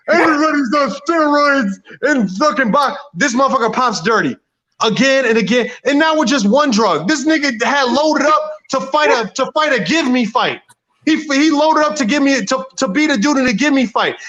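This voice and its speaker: A man's voice: very high-pitched, fairly bright tone, dull audio. A man, a boxer, ranting angrily and profanely, rambling with many restarts. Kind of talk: heated rant.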